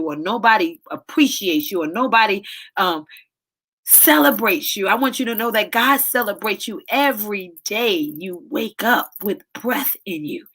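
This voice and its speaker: A woman's voice: medium pitch, a bit bright. A woman hosting a live inspirational talk as a soul coach, speaking with preachy, emotional repetition and close to tears. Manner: preachy, emotional, repeats phrases for emphasis.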